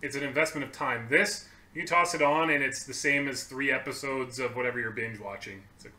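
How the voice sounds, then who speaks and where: A young man from Canada co-hosts a casual podcast, speaking earnestly. His voice is strikingly bright and sharp, at a middle pitch for a man. He restarts and repeats words as he works through his thoughts. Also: fairly quick, few pauses. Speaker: podcast co-host. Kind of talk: casual chat.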